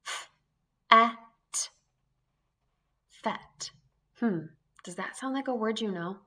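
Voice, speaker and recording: A woman's voice: mid-range voice, normal speed. A woman teaching an early reading lesson to young children, sounding out letters one by one in an encouraging way.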